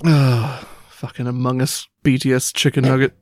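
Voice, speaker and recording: A podcast co-host in casual chat, joking around, swearing often and laughing loudly. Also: mid-range voice, flat delivery, normal speed, no echo, clean studio sound.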